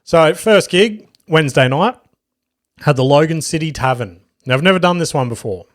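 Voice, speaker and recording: A man's voice: a little high, moderate pace, no echo, clean studio sound. Profane Australian man telling stories. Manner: profane, animated storyteller with acted quotes. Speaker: podcast host. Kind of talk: solo podcast storytelling.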